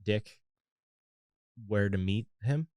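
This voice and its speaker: A man's voice: on the low side, takes it slowly, a little mellow, clean tone, no echo. A man co-hosting a podcast, chatting casually and agreeing with the others. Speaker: podcast co-host. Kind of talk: casual chat.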